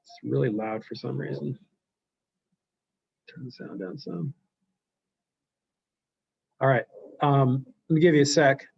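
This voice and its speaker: Man teaching online, gravelly husky voice, dull lo-fi sound, dry. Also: mid-range voice, slow, long pauses, no echo. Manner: explains loosely with fillers and check-ins. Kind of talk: live online class lecture.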